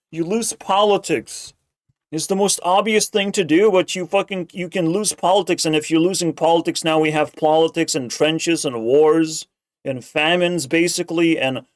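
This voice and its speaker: A man ranting sarcastically as a streamer, swearing constantly and rambling. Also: on the high side. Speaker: streamer reacting to a video. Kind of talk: casual profane rant.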